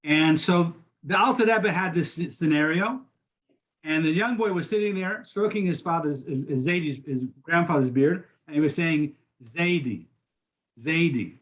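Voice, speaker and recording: A man's voice: fairly high pitch, normal speed, fairly bright tone. An older man teaching a class, lecturing in an informal way with frequent restarts and repeated words. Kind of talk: conversational lecture.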